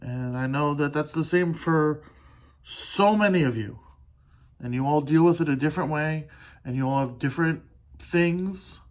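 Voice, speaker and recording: A man hosting a solo podcast, talking in an earnest, halting way with restarts and pauses, swearing casually as he opens up. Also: on the high side. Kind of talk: candid solo podcast monologue.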